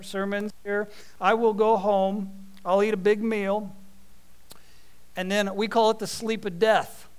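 High-voiced animated preacher, clear tone. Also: male voice. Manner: animated storytelling with folksy asides. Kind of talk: sermon.

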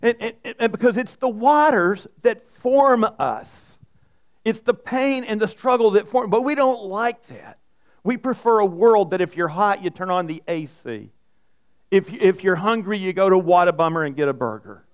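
A man's voice: high-pitched, moderate pace. A male pastor preaching a sermon in an earnest way, often repeating words and restarting.

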